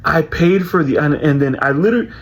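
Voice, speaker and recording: A man's voice: a little high, fast, rough recording. A young man casually recounting a personal experience, rambling, restarting and filling with "bro" and "like". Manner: rambling, repeats words, heavy fillers like "bro" and "like". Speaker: vlogger.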